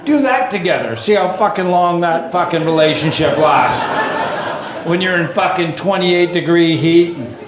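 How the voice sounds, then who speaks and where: A man doing a stand-up comedy routine on stage, ranting with heavy profanity and rising to shouted exasperation. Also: on the high side, expressive, moderate pace, background noise. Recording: echoey live club with crowd. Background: audience laughter.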